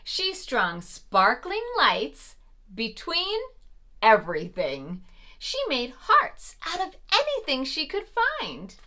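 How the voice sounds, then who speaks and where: A woman reads a picture book aloud to small children in a gentle, encouraging, sing-song way. She takes her time over each line, and her voice rises and falls a lot. Her tone is bright and clear. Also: high-pitched, wildly swooping pitch, slow pace. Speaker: preschool storyteller host. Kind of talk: read-aloud for preschoolers.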